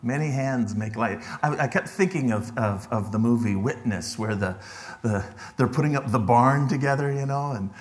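A middle-aged man preaching a sermon as pastor, in a conversational way that drops to hushed tones for emphasis. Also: mid-range voice, normal speed.

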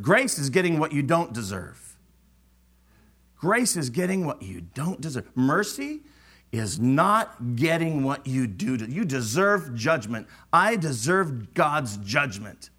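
Animated preacher man, bright voice. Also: on the high side. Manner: animated, acts out voices of churchgoers. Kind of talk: sermon.

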